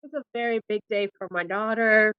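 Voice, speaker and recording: A woman's voice: medium pitch, fairly even intonation, brisk, clear, resonant tone, no room sound, lo-fi sound, lightly acted. A woman game master voicing a stern, formal noble father addressing a servant and his daughter. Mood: stiff.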